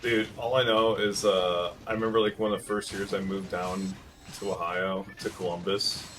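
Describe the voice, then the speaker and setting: A man's voice: sits low, level tone, normal speed, fairly bright tone, a little hiss or hum. A young man from Michigan streaming a game, chatting casually and rambling, with "like" in nearly every phrase. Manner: rambling, heavy use of "like". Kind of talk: casual chat while gaming.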